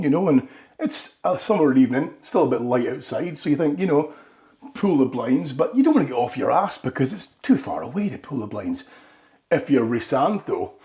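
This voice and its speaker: A man's voice: on the high side, very animated, moderate pace, mellow. A man doing a rambling comic monologue and tagging his lines with "right?". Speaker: comedy vlogger. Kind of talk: comedic monologue.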